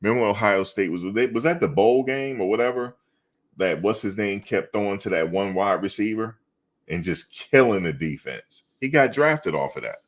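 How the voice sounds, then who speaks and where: A middle-aged man with a low, deep voice hosts a loose sports talk stream. He banters with his viewers in animated slang and hammers the same point over and over. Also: normal speed. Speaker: live show host reading chat. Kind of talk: casual sports chat.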